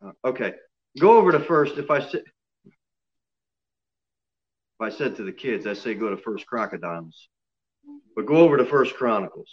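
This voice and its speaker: A man's voice: medium pitch, animated, normal speed, pauses often, dull audio. A male pastor preaching a sermon to his church, joking and self-deprecating, often repeating himself. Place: church sanctuary.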